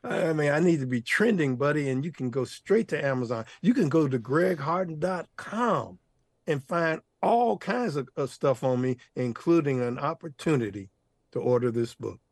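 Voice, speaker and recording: An older man with a gravelly, husky voice tells stories with exuberant, playful energy. He laughs often and drops casual slang as he talks. The sound is dry and close. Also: on the high side, lively intonation, moderate pace, no echo. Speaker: guest, author and mentor. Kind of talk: animated storytelling interview.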